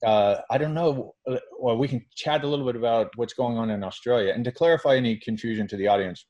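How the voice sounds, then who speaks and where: A man's voice: mid-range voice, fast talker, darkish tone, muffled recording. A man hosting a podcast interview, talking earnestly and emphatically and restarting his phrases. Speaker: podcast host. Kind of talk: conversational interview.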